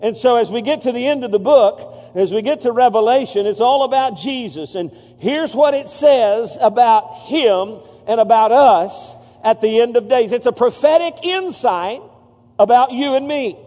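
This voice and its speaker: A man's voice: extremely high pitch, moderate pace, warm tone. A male pastor preaching a sermon, calling on the congregation to answer back and repeat after him. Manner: preaching with call-and-response to the congregation. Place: church sanctuary. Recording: long reverb of a large hall.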